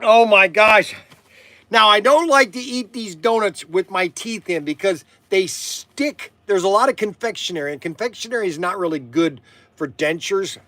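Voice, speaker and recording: A man's voice: high voice, moderate pace, pushed and bright, no room sound. An older man hosting a live chat from his shop, rambling and interrupting himself with chuckles. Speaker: shop owner and show host.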